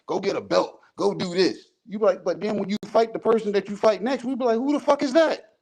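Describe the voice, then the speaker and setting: A man's voice: high voice, quick pace. Heated, profane man arguing sports. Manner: profane, animated, repeats himself. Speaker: podcast co-host.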